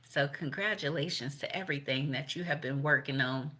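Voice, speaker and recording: Low-voiced, blunt, profane woman tarot reader. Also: brisk, sharp tone. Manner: blunt and profane, laughs between points. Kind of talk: casual spiritual reading, profane.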